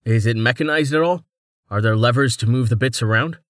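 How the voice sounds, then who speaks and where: A man voicing a brisk young male captain who talks casually and gets straight to business. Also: medium pitch, fairly bright tone, no room sound, studio quality, lightly acted. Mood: explaining.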